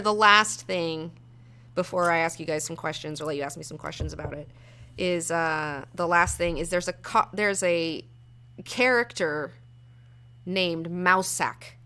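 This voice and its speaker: A woman's voice: lowish voice, sharp tone. Blunt, profane woman reviewing a show. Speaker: show host reviewing a series. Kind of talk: casual review chat.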